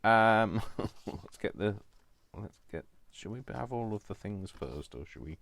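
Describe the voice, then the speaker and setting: A man's voice: on the low side, expressive, measured pace, gravelly, fairly bright tone. A man hosting his own craft video, rambling along and teasing himself as he works. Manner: self-deprecating, talks to himself. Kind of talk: casual rambling craft tutorial.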